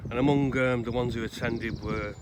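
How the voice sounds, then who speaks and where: This man from Salford, England, is a grave-visiting vlogger telling a story and paying casual tribute while outdoors in a cemetery. He speaks at a middling pitch in a steady tone, rambling conversationally with many pauses, as clear outdoor sounds and faraway traffic run underneath.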